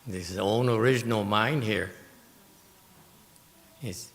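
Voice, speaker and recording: A man teaches a Buddhist text at an unhurried, measured pace. His low voice has a gravelly edge. His words ring in a large hall with a long reverb. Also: a bit bright. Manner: slow, deliberate, explaining with emphasis. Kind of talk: Dharma lecture with questions. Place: meditation hall.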